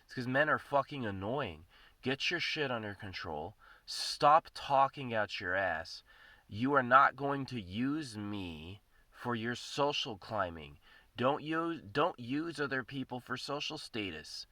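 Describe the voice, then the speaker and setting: A man's voice: mid-range voice, lively intonation, a little slow, sharp tone, no echo. A man ranting in a casual monologue as the host of his own podcast, swearing often, rambling and repeating himself.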